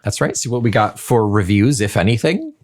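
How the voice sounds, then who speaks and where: Hesitant, bemused male co-host with a lively, wide-ranging pitch. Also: brisk. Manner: bemused, hesitant, filler-heavy. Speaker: podcast co-host. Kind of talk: casual podcast chat.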